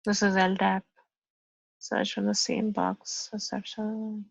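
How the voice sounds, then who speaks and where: A woman's voice: mid-range voice, level tone, takes it slowly, gravelly, husky, no room sound, dull audio. A woman in a casual work meeting on a video call, matter-of-fact as she reads out settings and explains issues. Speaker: software engineer in triage meeting.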